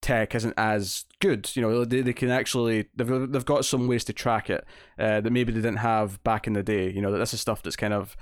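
A man's voice: lowish voice, flat delivery, moderate pace, few pauses, no echo, clean studio sound. A man co-hosting a podcast. He chats casually and rambles, with many fillers and restarts. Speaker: podcast co-host. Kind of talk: casual chat.

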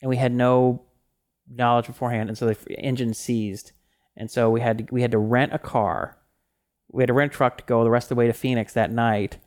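A man co-hosting a casual podcast. He talks in a middle-pitched voice and strings his stories together loosely. His speech is full of restarts and filler words. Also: fairly even intonation, fairly quick, darkish tone. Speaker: podcast co-host. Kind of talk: casual chat.

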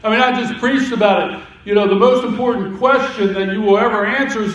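High-voiced preacher in an echoey church. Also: male voice, fairly quick, fairly bright tone. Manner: conversational preaching with repetitions and asides. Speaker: pastor. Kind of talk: sermon. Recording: echoey room, voice from a distance.

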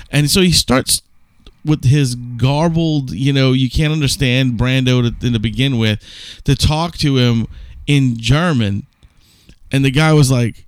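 Smooth-voiced rambling podcast guy. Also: medium pitch, moderate pace, no echo. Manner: rambling storyteller with casual swearing. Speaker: podcast co-host. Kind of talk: casual chat.

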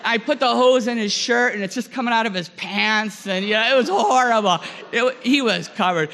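A man in his forties telling a lively story in a sermon, acting out scenes with many fillers. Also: very high-pitched, normal speed, long reverb tail. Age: 40s. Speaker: guest chapel speaker.

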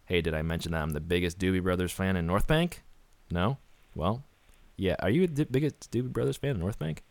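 A man hosting a comedy podcast, reading a silly ad with sarcastic deadpan asides. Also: low voice, fairly quick, creaky, no echo. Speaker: podcast host.

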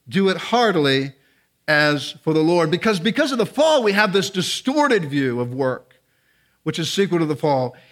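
Male guest preacher, high-pitched, earnest and conversational sermon delivery that swells into emphatic exhortation. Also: fairly bright tone. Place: church sanctuary.

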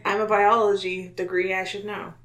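A woman's voice: medium pitch, level tone, normal speed, fairly bright tone. A woman playing a tabletop game, joking and swearing casually. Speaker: player.

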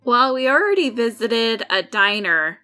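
A woman's voice: fairly high pitch, sing-song, a little slow, bright, forceful tone, faint music behind. A woman playing a tabletop game, chatting in a playful, jokey way. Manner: playful, jokey, laughs often. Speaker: player. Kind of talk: casual tabletop game chat.

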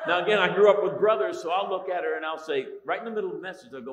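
A man's voice: sits high, racing, hardly any pauses. A middle-aged man preaches with a joking, storytelling manner, often restarting his sentences. His voice carries through a reverberant church hall with faint noise behind it. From Italian-American. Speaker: pastor. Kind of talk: humorous sermon.

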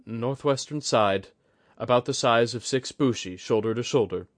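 A man's voice: mid-range voice, normal speed, dry recording, studio quality, close to an everyday voice. A man doing a nervous, formal scout. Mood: worried. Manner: formal, anxious.

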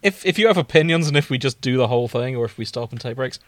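A man's voice: mid-range voice, lively intonation, fast talker, dry recording. A male podcast co-host chatting casually with wry, dry humor.

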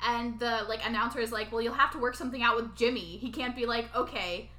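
A woman's voice: a little high, quick pace, bright, forceful tone, reverberant. A woman casually chatting about a movie, quoting characters as she goes. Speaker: podcast co-host. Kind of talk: casual chat.

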